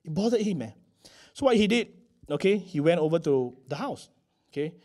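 A man telling a sermon story in an animated way, often checking in with the listeners. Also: on the high side, moderate pace. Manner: animated, checks in with frequent "okay?". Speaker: preacher.

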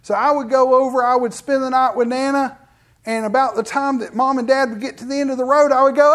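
A middle-aged man, a pastor telling personal stories in an animated sermon and acting out quoted voices. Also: very high-pitched, fairly quick. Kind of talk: storytelling sermon.

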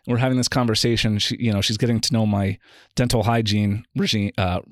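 A man's voice: on the low side, fairly quick, no echo, studio quality. A man, a philosophy guest on a podcast interview, talking casually and acting out the dialogue in his anecdotes. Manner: animated storyteller, acts out quoted dialogue.

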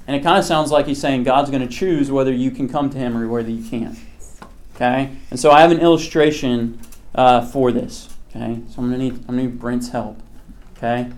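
A man's voice: medium pitch, darkish tone. A man leading an interactive Bible lesson for a live group, in a conversational way that keeps checking in with "okay?". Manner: speaks to a live group in the room. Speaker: Bible teacher.

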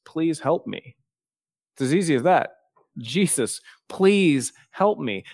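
A man preaching a sermon, earnest and plainspoken, slowing down and softening his voice for quoted prayers. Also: fairly high pitch, no echo, studio quality. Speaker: pastor.

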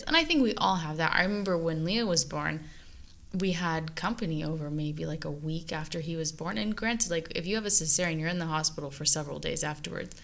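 A woman in her thirties with a somewhat low voice tells her story in casual conversation. She gets animated and lifts her voice sharply when she quotes herself or others. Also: a little fast, gravelly. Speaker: guest mother sharing experience. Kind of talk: casual conversational podcast chat.

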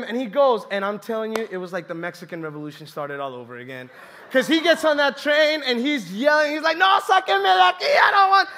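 A young man from Colombia gives a church talk as an animated, chatty story, full of acted-out quotes. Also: high-pitched. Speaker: church speaker. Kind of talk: humorous sermon storytelling.

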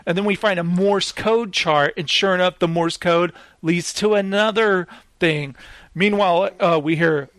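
Man, high voice, animated storyteller, dry close sound. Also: measured pace, dry recording. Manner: animated, acts out the people in his stories. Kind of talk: casual storytelling chat.

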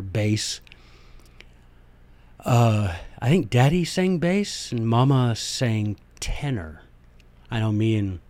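A man hosting a podcast, talking in an animated, folksy way with quick comic asides. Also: medium pitch, dry recording. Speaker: podcast host.

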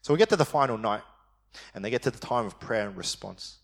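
A man preaching a sermon, telling a personal story in a lively way and acting out his younger self, then dropping to a quiet, slow voice at tender moments. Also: lowish voice, creaky. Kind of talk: sermon testimony.

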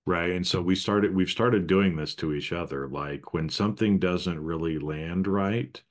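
A man's voice: deep voice, measured pace. A man co-hosting a casual podcast, thinking aloud in a reflective way with many "you know"s. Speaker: podcast co-host.

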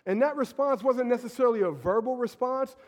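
Sick pastor guy preaching loose and chatty, kinda high voice, big echoey church. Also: brisk. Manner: casual, energetic preaching with fillers and laughs. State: sick with a stuffy nose. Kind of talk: sermon. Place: church sanctuary.

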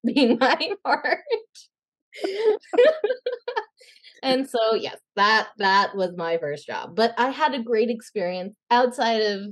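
A young woman, an actress and podcast guest, chatting casually and telling animated stories, acting out the voices she quotes and laughing often. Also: a little high. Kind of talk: casual interview chat.

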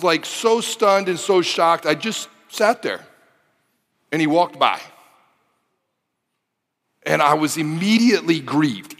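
A man preaching a sermon, telling a personal story with animated delivery that rises to shouting at the exciting moments. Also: high voice. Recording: long hall reverb.

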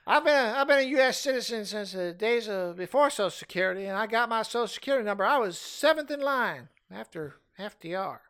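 A man's voice: high-pitched, lively intonation, a little fast, few pauses, fairly bright tone, smooth. A man putting on the voice of a chatty, very old woman who rambles proudly about how long she has been around. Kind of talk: comic impression in casual chat.

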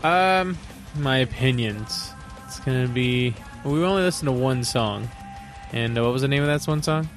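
A man's voice: mid-range voice, faint music behind. A man co-hosting a casual podcast, cracking puns and giving blunt opinions. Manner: wisecracking, quick puns. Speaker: podcast co-host.

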